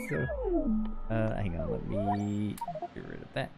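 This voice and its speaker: Low gravelly tired man narrating gameplay. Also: big pitch swings, moderate pace, music in the background. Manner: rambling, self-correcting, chatty. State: tired, yawning. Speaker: gaming channel host. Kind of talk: casual gameplay commentary.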